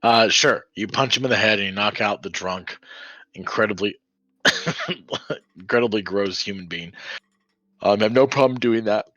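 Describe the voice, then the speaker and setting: Lower-voiced man as a rambling game master, forceful bright tone. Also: normal speed, no echo, lo-fi sound. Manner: rambling, many fillers. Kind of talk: narrating a tabletop game.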